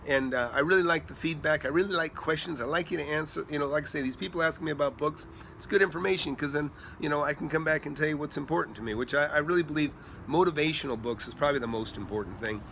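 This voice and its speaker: A middle-aged man telling rambling, animated stories as a real estate investor, chatting casually outdoors by a pool at night. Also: a little high, quick pace, creaky, a little hiss or hum. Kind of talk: casual storytelling vlog.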